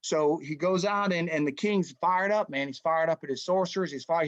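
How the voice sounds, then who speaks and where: Bible study leader, male, fairly high voice, chatty storyteller; dull dry lo-fi sound. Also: normal speed, hardly any pauses, dry recording. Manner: conversational, animated storytelling, says "man" often. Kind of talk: casual Bible study teaching.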